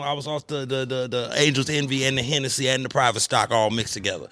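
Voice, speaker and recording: A man's voice: mid-range voice, quick pace, vocal fry, hardly any pauses, sharp tone, dry recording. A man hosting a podcast in loose, casual chat, swearing and asking "you know what I'm saying" again and again. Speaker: podcast host. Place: cigar lounge.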